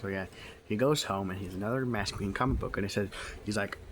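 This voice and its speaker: A man's voice: fairly low pitch, fast. A man giving a casual book review, retelling the plot in a rambling way with many fillers. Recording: noisy home recording.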